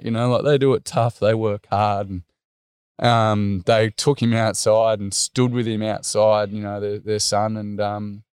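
A middle-aged Australian man telling a heartfelt story in an interview, earnest and halting, with many pauses and restarts. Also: lowish voice, darkish tone, clear, resonant tone, no room sound, clean studio sound. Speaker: workshop facilitator and guest.

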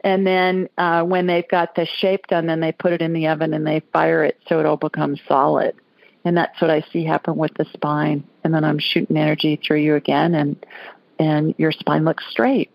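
A chatty woman hosts a call-in show, talking to callers in a folksy, easygoing way. Her voice has some gravel in it. The sound is dry and a little dull, like lo-fi radio audio. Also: low voice, flat delivery, moderate pace, no room sound. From Alabama. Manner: chatty, folksy, laughs often. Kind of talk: casual call-in radio chat.

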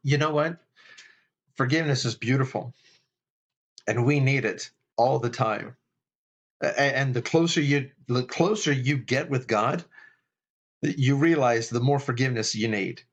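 A man's voice: mid-range voice, a little slow, long pauses, highs cut off. A middle-aged man, a chaplain, giving an earnest, casual faith talk, thinking aloud with restarts.

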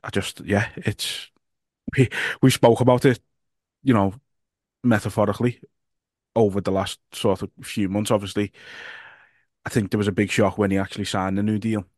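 Flat-voiced Liverpool man hosting a podcast. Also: fairly low pitch, dry recording, studio quality. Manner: halting, repeats words, swears. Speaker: podcast host. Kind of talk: casual podcast chat.

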